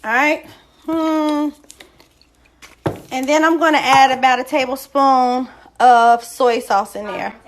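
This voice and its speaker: A woman's voice: sits high, fairly even intonation, slow pace, long pauses, poor audio. A woman hosting a home cooking video, chatty and explaining each step as she cooks in her kitchen. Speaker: cooking show host. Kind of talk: casual cooking demonstration.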